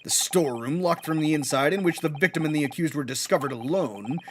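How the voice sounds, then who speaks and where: A man voicing a stern older male judge who speaks in formal, measured courtroom language. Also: fairly high pitch, a little hiss or hum, lightly acted.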